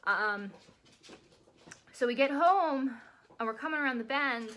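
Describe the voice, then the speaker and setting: A woman's voice: sits high, a little slow, pushed and bright. A woman vlogger telling a story in a chatty, rambling way, at home with her dogs nearby. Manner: chatty, rambling retelling with quoted dialogue. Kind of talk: casual storytelling vlog.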